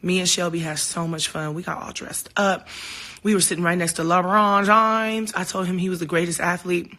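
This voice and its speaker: Speaking at normal speed in a voice on the low side, a woman livestreams casually to fans using her phone camera. She's heartfelt and frank, swears a lot, and brings her stories alive with quoted back-and-forth.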